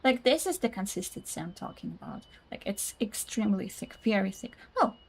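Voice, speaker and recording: A woman's voice: medium pitch, expressive, fairly quick, breathy edge. A young woman streaming a life simulation game, chatting casually with viewers, searching for words and laughing at herself. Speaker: gaming streamer. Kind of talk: casual chat with live chat.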